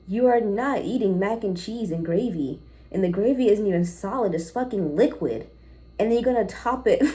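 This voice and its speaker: A woman's voice: fairly low pitch, dark tone. A young woman ranting casually in an unscripted vlog, blunt and profane, drifting off topic. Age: young adult. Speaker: vlogger.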